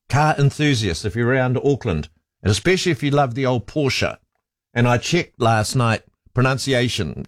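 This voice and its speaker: A male radio talk host speaking in a chatty, informal way from a studio microphone. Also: medium pitch. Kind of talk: casual radio talk and announcements.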